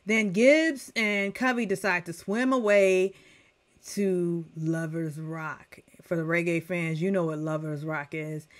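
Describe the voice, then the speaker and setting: A middle-aged woman reviewing a TV episode in a casual rant, chatty and animated as she talks straight to her viewers. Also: on the low side, moderate pace, few pauses. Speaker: TV recap reviewer.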